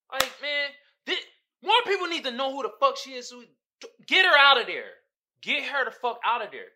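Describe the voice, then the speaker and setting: A man rants solo on his podcast. His voice is lively and swoops up and down, with a very bright, sharp edge. He curses freely and jumps from loud outbursts to low mutters. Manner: profane, heated, swings between loud outbursts and low mutters. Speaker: podcast host. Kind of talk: casual solo rant.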